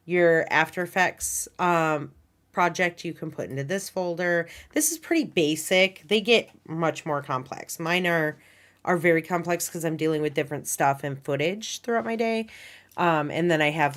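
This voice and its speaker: A woman with a low, grounded voice teaches an online class over a computer mic. She talks loosely and informally, chatting with students as she clicks through her screen. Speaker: animation instructor.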